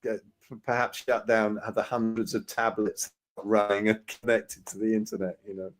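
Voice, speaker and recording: A man's voice: fairly low pitch, flat delivery, moderate pace. A man hosting a casual online Q&A over a video call, full of teasing, jokey banter with his guest. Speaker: host.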